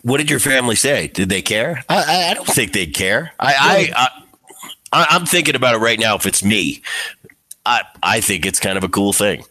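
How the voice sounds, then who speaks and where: Man, podcast host, casual interview, relaxed and stammering, tense bright tone, dry sound. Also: mid-range voice, normal speed, dry recording.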